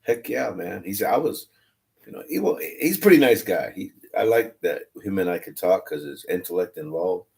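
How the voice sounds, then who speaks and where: A man's voice: sits low, expressive, fairly quick, vocal fry, darkish tone. A man talking casually and candidly on a livestream about faith, rambling and restarting his phrases. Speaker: online religious streamer.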